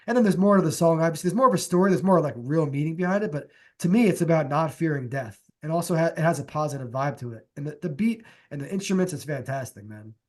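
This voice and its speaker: Rambling, somewhat high-voiced man. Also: fast, few pauses. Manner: relaxed, rambling, many fillers. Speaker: podcast co-host. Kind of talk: casual chat.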